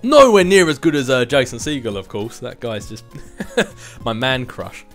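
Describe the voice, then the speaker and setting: With a medium-pitched, sing-song voice at a moderate pace, a young man in his twenties fields viewer questions in a casual vlog. He rambles chattily and mocks himself along the way, with faint music behind him.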